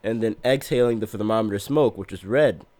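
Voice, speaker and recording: Low-voiced man telling a rambling story. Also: fairly quick, darkish tone, dry recording. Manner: rambling, self-mocking, laughs through his words. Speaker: podcast guest. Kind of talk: casual storytelling chat.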